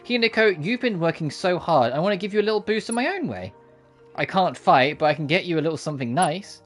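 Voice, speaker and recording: A woman's voice: lowish voice, expressive, fast talker, soft background music, voice pushed up. A streamer voicing Sanae, an eager teen girl who gushes over her friend, for a game playthrough. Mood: encouraging. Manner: gushing, breathy-soft, pushy with compliments.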